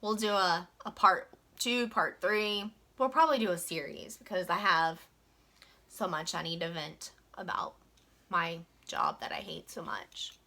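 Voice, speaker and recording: A woman's voice: lowish voice, a little slow, pushed and bright. A young woman from Virginia, telling a work story in a chatty, frank way full of fillers. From West Virginia. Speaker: vlogger. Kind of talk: casual storytime venting.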